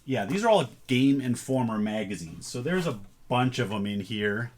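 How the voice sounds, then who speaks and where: A man's voice: mid-range voice, sing-song, normal speed, slight background noise. A man casually chatting through a thrift haul, thinking aloud as he sorts items. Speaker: reseller showing a thrift haul. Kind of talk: casual vlog chat.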